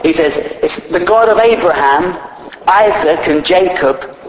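A man's voice: a little high, measured pace. A man preaching a sermon, retelling scripture in plain conversational speech with frequent fillers. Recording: echoey, faint background noise.

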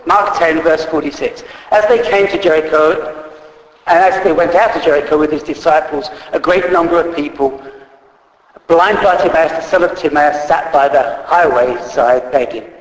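At normal speed, a man whose voice is on the high side preaches earnestly without a script, reading scripture aloud. He corrects himself along the way, and a hall's reverb echoes through the recording.

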